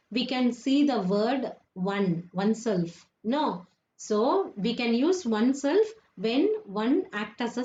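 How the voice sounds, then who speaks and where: A woman's voice: fairly high pitch, warm tone. A woman teaching children a grammar lesson, often repeating points and asking if they understood. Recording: echoey room, dull lo-fi sound.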